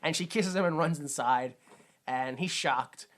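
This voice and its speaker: A man's voice: fairly high pitch, unhurried, fairly bright tone. Male podcast co-host, casual and rambling, laughs a lot. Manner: rambling, laughs often, lots of fillers. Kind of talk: casual comedic movie discussion.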